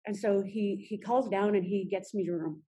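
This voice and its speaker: Woman in her 30s, husky mellow voice, lots of restarts, telling her own story in an interview. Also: medium pitch. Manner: halting, many restarts and fillers.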